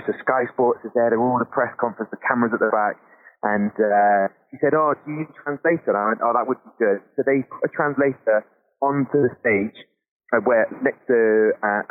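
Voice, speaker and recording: A man telling football travel stories in casual chat, animated and laughing as he talks. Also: mid-range voice. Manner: animated, laughs often, frequent restarts. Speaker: podcast guest. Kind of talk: casual chat, storytelling anecdotes. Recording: tinny phone-like line.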